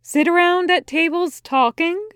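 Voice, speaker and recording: A woman voicing a cheerful, forthright female angel who speaks brightly and briskly. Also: very high-pitched, dry recording, studio quality, pitched above the performer's own voice.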